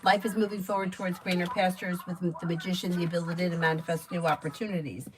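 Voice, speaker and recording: A woman gives live tarot readings in a chatty, easygoing way and laughs often. She rattles off card meanings in quick bursts. Steady background noise runs under her voice. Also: fairly low pitch, rough recording. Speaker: tarot reader.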